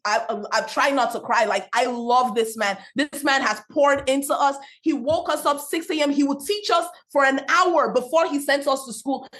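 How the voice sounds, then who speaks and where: A young woman with a non-native English accent, talking passionately on a faith-based podcast in a quick, preachy storytelling way. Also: high-pitched, fairly bright tone. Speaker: podcast host, Christian business speaker.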